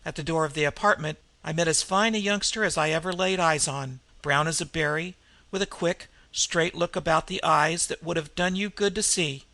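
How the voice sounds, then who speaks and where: A man voicing a talkative middle-aged male manservant, telling his story in a brisk, folksy way. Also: a little high, creaky, pushed and bright, dry recording. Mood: chatty. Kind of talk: audiobook character reading.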